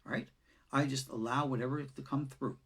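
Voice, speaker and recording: A man, a rabbi, giving an unscripted lesson in an expressive way, swinging between loud and soft and chuckling now and then. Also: mid-range voice, fairly quick, gravelly, breathy edge. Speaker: rabbi teaching Kabbalah. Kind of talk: unscripted lecture.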